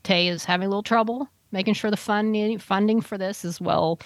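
A woman's voice: medium pitch, steady tone, brisk, no room sound. A woman hosting a casual podcast chat, recapping an episode in a rambling way with many fillers and restarts.

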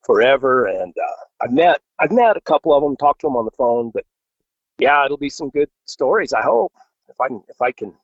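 A man talking as a podcast guest in a casual, halting way, often repeating words as he starts. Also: mid-range voice, very animated, slightly rough, no room sound, highs cut off. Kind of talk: casual chat.

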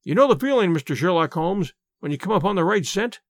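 A man's voice: high voice, fast talker, dry recording, studio quality. A man doing a boastful police detective. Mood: eager. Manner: self-satisfied, animated storytelling. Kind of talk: audiobook reading.

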